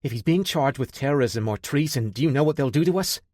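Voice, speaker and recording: A man voicing an anxious woman scientist who speaks in a hushed, worried way, in an audiobook. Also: medium pitch, animated, quick pace, dry recording, clean studio sound, pitched above the performer's own voice, natural voice.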